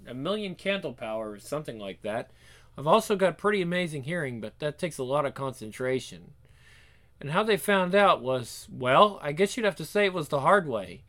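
An earnest young superheroine, read aloud by a man, explaining her past patiently and at length. The voice sits fairly high. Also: lively intonation, moderate pace, fairly bright tone.

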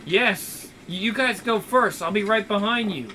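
A man's voice: high-pitched, measured pace, pushed and bright, slight background noise, pitched above the performer's own voice, low-quality recording. A man voicing a timid, nervous young woman in a video game, stammering and jittery. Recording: music playing behind.

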